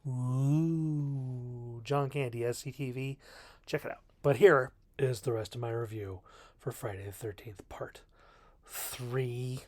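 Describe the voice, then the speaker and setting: A man's voice: mid-range voice, fairly even intonation, unhurried, no room sound, studio quality. Rambling, self-mocking man reviewing a film. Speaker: video reviewer. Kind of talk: casual film review monologue. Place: bedroom.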